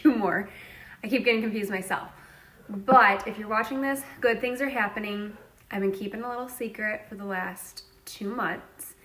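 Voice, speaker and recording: Woman, salon owner, casual vlog, mid-pitched voice, faint background hiss. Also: a bit bright. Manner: chatty, emotional, gushing with many fillers. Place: indoors in her salon.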